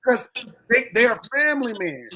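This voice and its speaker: A man co-hosting a casual sports podcast, talking in an animated, joking way and acting out the people he quotes. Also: very high-pitched, normal speed, slight background noise, rough recording. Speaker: podcast co-host.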